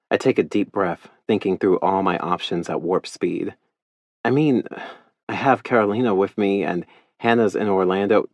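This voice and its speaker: A man reads a romance audiobook in the first person with a wry, easy storytelling manner. His voice sits very low and the studio sound is bone dry and close. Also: normal speed, vocal fry, no room sound. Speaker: audiobook narrator.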